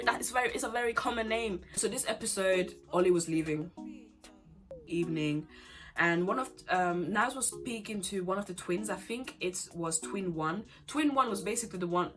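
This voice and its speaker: Sassy woman with faint music. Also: lowish voice. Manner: sassy, animated, addresses people directly. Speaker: vlogger. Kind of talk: casual recap commentary.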